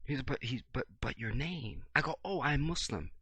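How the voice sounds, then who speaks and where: A man, talking to his viewers in an animated monologue and acting out the voices of the people in his stories. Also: mid-range voice, moderate pace, slightly rough, dry recording. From Chicago, USA. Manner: animated storyteller, acts out dialogue, swings loud and soft. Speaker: video blogger. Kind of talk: casual monologue to camera.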